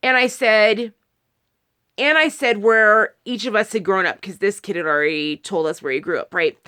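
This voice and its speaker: A woman's voice: mid-range voice, moderate pace, pushed and bright, clean tone. A married woman talking casually to camera, rambling through a personal story with many restarts and quoted asides. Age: adult, married. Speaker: video creator.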